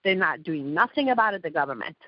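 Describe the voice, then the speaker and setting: A woman's voice: on the low side, animated, quick pace, dry recording. A woman from Iran, a guest on a talk radio show, talking in an emphatic, rambling way and often interrupting. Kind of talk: talk radio call-in chat. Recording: dull dry lo-fi radio sound.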